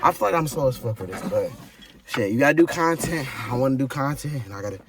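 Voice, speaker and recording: Excitable young man vlogging a snowstorm. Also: mid-range voice, quick pace. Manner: profane, excitable, talks straight to his chat. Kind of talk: casual vlog talk to viewers. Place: outdoors and in a car during a snowstorm. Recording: noisy storm and car sound.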